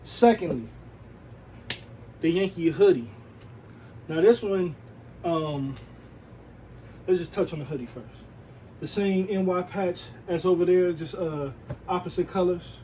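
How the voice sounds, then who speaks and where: Laid-back man, slightly high voice. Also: mellow, a little hiss or hum, low-quality recording. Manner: laid-back, slangy, peppered with "you know what I'm saying". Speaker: sneaker and streetwear vlogger. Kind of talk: casual show-and-tell.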